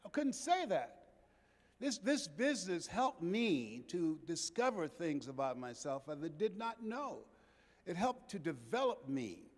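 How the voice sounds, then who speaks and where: A man's voice: sits high, sing-song, a little slow. An older man giving an impassioned motivational keynote in a large convention hall, building rhythmic repetitions. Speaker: motivational speaker. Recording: long reverb of a big hall.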